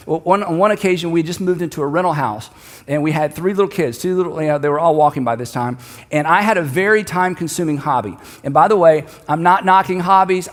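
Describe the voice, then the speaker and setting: A middle-aged man preaching a sermon as a pastor, talking in a conversational way that builds to emphatic repeated lines. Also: a little high. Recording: long hall reverb.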